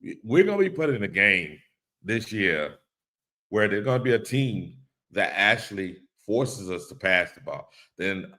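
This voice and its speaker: Laid-back deep-voiced man hosting a live podcast. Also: sing-song, measured pace, sharp tone. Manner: laid-back, reads comments aloud and laughs along. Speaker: podcast host reading live chat. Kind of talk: casual live-stream chat.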